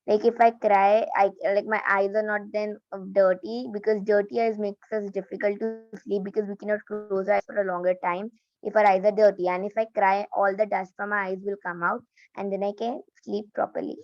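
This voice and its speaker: A woman's voice: mid-range voice, level tone, fairly quick, no echo, dull audio. A young woman student giving a hesitant spoken answer in an online class, full of fillers and restarts.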